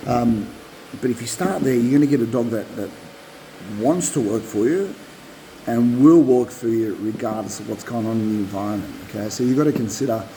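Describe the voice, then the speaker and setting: Male dog trainer, middle-aged, mellow-toned, animated and repetitive, recorded on a propped-up phone. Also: mid-range voice, fairly quick, a little hiss or hum, low-quality recording. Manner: animated, repeats himself, acts out dog voices. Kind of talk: casual instructional talk.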